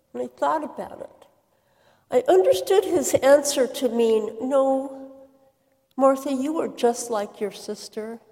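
Brief: a woman as Martha, a harried, indignant hostess, slow and measured, slightly high voice, echoing hall. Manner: earnest, expressive storytelling with quoted outbursts. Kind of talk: dramatic first-person monologue. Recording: reverberant hall.

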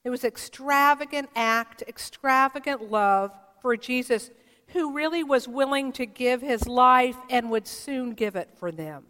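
A woman's voice: a little high, a bit bright, big-room sound. A woman pastor preaching a sermon, earnest and storytelling, acting out quoted voices as she speaks.

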